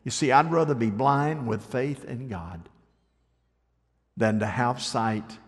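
A man delivers a sermon as a pastor, talking straight to the listeners in their homes. His voice sits at a middle pitch. A long reverb trails his words, as in a large hall. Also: takes it slowly. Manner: preaching, addressing home listeners directly.

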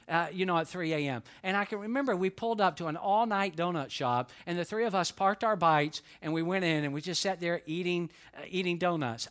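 A male pastor preaching a sermon, mixing childhood stories and a joke with scripture. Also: sits high. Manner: storytelling, animated.

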